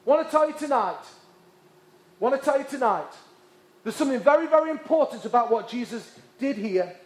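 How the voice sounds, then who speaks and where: A man from England, preaching with passionate, repeated emphasis that drops to hushed tones. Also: extremely high pitch, animated, brisk. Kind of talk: sermon. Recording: echoey hall.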